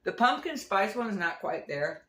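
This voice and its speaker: A woman's voice: mid-range voice, sing-song, normal speed, bright, forceful tone, reverberant. A woman chatting casually through a home recipe demo, rambling with frequent restarts and little laughs. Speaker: home cooking vlogger. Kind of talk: casual kitchen demo chat. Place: home kitchen.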